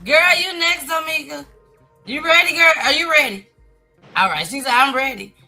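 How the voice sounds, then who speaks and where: A woman's voice: high voice, lively intonation, moderate pace, sharp tone, soft background music. A woman hosting an online talk show, greeting and bringing up guests, calling them "girl.". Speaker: host.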